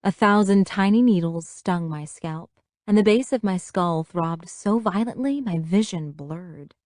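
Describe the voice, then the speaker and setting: A woman narrating a first-person audiobook with expressive storytelling. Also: fairly low pitch, no echo, studio quality.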